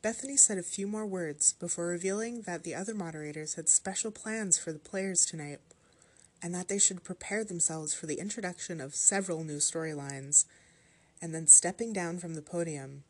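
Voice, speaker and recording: Low-voiced woman reading a horror story. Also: moderate pace, a little mellow. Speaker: story narrator.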